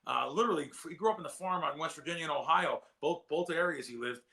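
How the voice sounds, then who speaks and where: A man with a fairly high, gravelly voice talks casually on a sports betting show. He rambles in a heartfelt way and often repeats himself as he goes. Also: fast talker, pushed and bright. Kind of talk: casual chat.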